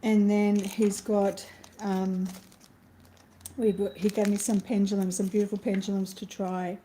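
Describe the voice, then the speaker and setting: Australian woman host, gentle, flat delivery, light background hiss. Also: mid-range voice, rough recording. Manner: gentle, halting, many fillers. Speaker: spiritual channel host. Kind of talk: live-stream casual chat.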